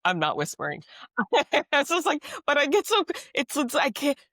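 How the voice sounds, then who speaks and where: A woman co-hosting a podcast in casual chat. She talks in animated, exasperated rants with emphatic outbursts. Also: high voice, normal speed, no room sound. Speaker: podcast co-host.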